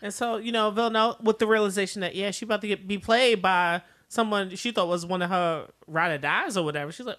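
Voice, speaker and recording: A woman co-hosting a casual recap show, narrating the plot in a measured storytelling way. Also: mid-range voice, fairly bright tone. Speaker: podcast co-host.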